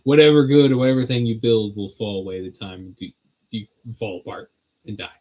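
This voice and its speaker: A man's voice: fairly low pitch, fairly quick, a little mellow, lo-fi sound. A man at home hosting a casual on-camera religious teaching, full of joking, sardonic asides. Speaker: host of a Bible teaching channel.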